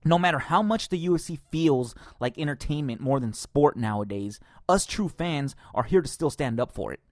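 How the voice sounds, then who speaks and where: A man's voice: on the high side, animated, moderate pace, dry recording. Angry ranting man, dry sound. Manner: angry, profane ranting with sarcastic laughs. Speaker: podcast host. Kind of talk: ranting podcast commentary.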